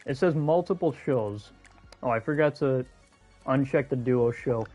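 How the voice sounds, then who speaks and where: A man hosting a casual live gameplay stream, chatty and excitable, talking to his viewers. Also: medium pitch, a little slow, soft background music. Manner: chatty and excitable, talks to chat. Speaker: gaming streamer.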